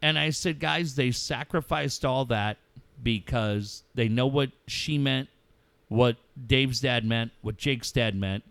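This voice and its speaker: Heartfelt middle-aged man, smooth dry voice. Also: mid-range voice, fairly bright tone, dry recording. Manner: heartfelt, swears freely, halting pauses. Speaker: radio show host. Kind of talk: emotional casual talk.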